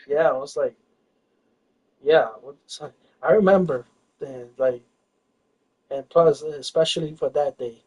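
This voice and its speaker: A man's voice: a little high, a little slow, long pauses, a little mellow, husky. A man telling a personal story in casual chat, rambling and hesitant, full of fillers and restarts. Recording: distant, dull lo-fi recording.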